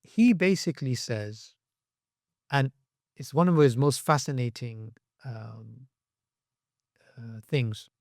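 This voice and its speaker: A man on a podcast as a guest, talking with animation and acting out quoted voices with sharp jumps in pitch. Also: slow, pauses often, no echo, studio quality. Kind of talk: podcast conversation.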